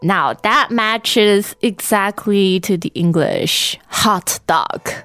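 A woman teaching a language lesson, modeling phrases slowly and repeating each twice. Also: medium pitch, animated, fairly bright tone, no echo, soft background music.

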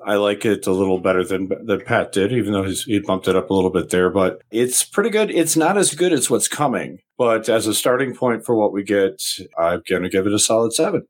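A man's voice: fairly low pitch, expressive, fairly quick, hardly any pauses. A man co-hosting a casual podcast chat, blunt and joking in his opinions. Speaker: podcast co-host.

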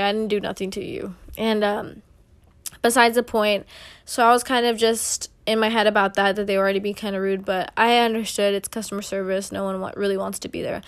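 A woman's voice: mid-range voice, smooth. A young woman hosting a solo podcast, telling a story in a chatty way with lots of fillers and acted-out quotes. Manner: chatty, filler-heavy, acts out quoted exchanges. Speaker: podcast host.

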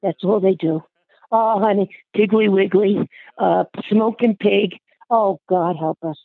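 Her voice is medium-pitched with vocal fry and a measured pace: an older aunt chatting affectionately on a casual phone interview, short of breath, calling the listener honey. The tinny line is dry.

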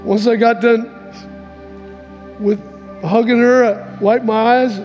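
A male pastor shares a personal story during a sermon, acting out what people said with big swings in pitch. His tone is steady and his pace slow, and the recording, made in an echoey hall with faint music, has its highs cut off.

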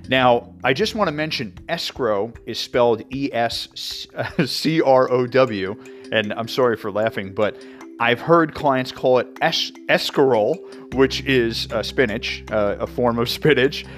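Fees get a relaxed, chatty explanation from this New York-born mortgage show host, who leans on frequent fillers and side remarks in his educational talk. He speaks at a measured pace with a medium pitch and a fairly bright tone, while faint music plays behind him.

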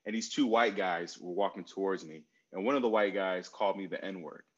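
A man in his forties answering a question in a relaxed interview, telling stories and repeating key phrases with many fillers. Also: sits low, a little fast, dull audio. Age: 40s. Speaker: guest speaker on mental health.

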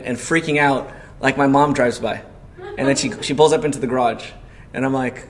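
A medium-pitched male pastor speaks a little fast during his sermon. He recounts a personal story conversationally, questions the congregation, and performs quoted moments of panic at high volume.

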